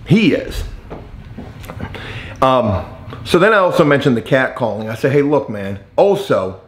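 A man talking straight to camera, venting about a dispute in a blunt, swearing, animated way. His voice sits at an ordinary middle pitch. His delivery is casual and conversational, like a home vlog. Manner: blunt, profane, animated storytelling. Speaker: vlogger. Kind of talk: casual ranting story.

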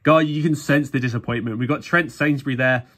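A man's voice: medium pitch, fairly even intonation, fairly quick, a bit bright. A man from England chatting casually to viewers while opening sticker packs, tired and self-mocking. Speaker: sticker collecting YouTuber. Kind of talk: casual vlog commentary.

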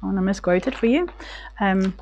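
A woman's voice: medium pitch, animated, brisk, darkish tone, slight background noise. A woman teaching a Bible study group in a casual, conversational way, with many restarts, speaking tenderly when voicing God. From South Africa.

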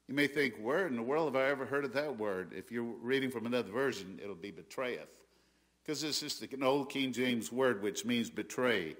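Bright-voiced Southern American pastor preaching. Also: male voice, medium pitch, moderate pace. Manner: emphatic, rising loud on quoted scripture, frequent restarts. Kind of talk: sermon.

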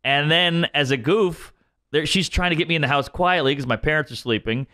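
A man's voice: a little high, a little fast. A man telling a wild comic story on a podcast, acting out the people in it. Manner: animated, acts out quoted voices. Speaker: comedian guest.

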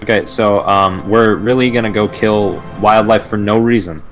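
A man's voice: fairly low pitch, fairly even intonation, normal speed. A man co-hosting a casual game let's play, wry and teasing, over faint game music. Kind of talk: casual gameplay chat.

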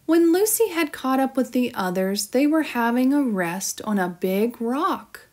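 A woman teacher reading a children's storybook aloud in an expressive, storytelling manner. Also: fairly high pitch, measured pace, hardly any pauses.

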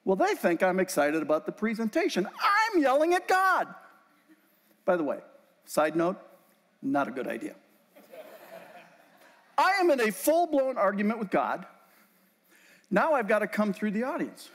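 A man's voice: high-pitched, wildly swooping pitch, unhurried, long pauses, a bit bright, long reverb tail. A man giving a faith-based talk to a live group, telling a personal story and acting out his own past outbursts. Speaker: Christian motivational speaker. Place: event venue in a hall.

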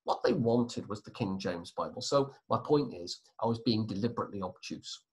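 A man's voice: lowish voice, expressive, moderate pace, darkish tone. A man teaching a history lesson in a chatty, digressive way, with self-mocking asides. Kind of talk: classroom lecture.

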